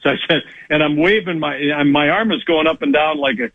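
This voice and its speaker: A man telling a lively story on a radio show, laughing often and acting out both sides of an argument. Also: on the high side, normal speed, creaky, no room sound, phone-quality sound. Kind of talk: animated storytelling on sports talk radio.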